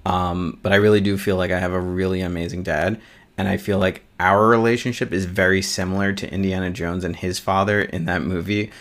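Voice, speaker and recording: A man's voice: deep voice, level tone, brisk, fairly bright tone. A man co-hosting a podcast, talking casually about movies in a rambling way with many fillers. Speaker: podcast co-host. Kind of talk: casual chat. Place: small studio.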